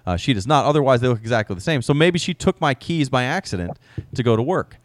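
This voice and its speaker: A man's voice: medium pitch, lively intonation, quick pace, dry recording. A man in his thirties, co-hosting a podcast and telling anecdotes wryly with frequent laughs. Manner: wry, laughing anecdote-teller. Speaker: podcast co-host. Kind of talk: casual chat.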